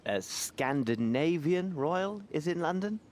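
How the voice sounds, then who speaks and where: A man voicing a composed Victorian detective in a game, speaking in a measured, formal way. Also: a little high, lively intonation, slight background noise.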